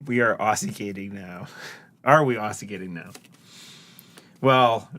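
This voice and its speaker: A man's voice: fairly low pitch, a little slow, bright, forceful tone. A man co-hosting a card game stream, joking and teasing his opponent and greeting viewers in casual chat.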